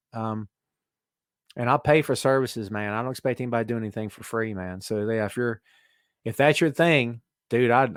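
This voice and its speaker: A man's voice: mid-range voice, no room sound, clean studio sound. A middle-aged man hosting a casual wrestling podcast, rambling and joking as he talks to his co-hosts and listeners. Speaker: podcast host.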